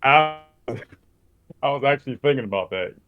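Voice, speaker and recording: A man playing a tabletop wrestling game in a relaxed, laid-back way. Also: medium pitch, normal speed, phone-quality sound. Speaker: player. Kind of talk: casual tabletop play.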